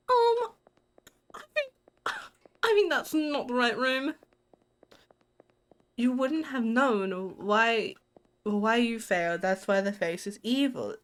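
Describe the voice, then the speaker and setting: A woman's voice: a little high, animated, slow, pauses often, a bit bright. Giggly, jumpy young woman streamer. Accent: Australian. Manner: jumpy, giggly, squeals and mutters to herself. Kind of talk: live gameplay commentary.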